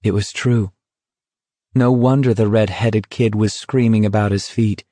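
A man reading an audiobook in steady, measured scripted narration. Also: lowish voice, no room sound.

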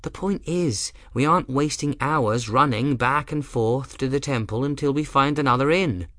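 A man voicing a tart, sharp-tongued young woman in a storybook, his voice raised high and speaking crisply. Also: moderate pace, no room sound, clean studio sound, natural voice.

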